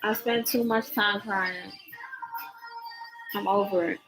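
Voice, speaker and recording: A woman's voice: medium pitch, steady tone, takes it slowly, over music, rough recording. A young woman vlogging her reactions to videos, tearful and worn out from crying, rambling and repeating herself in casual chat.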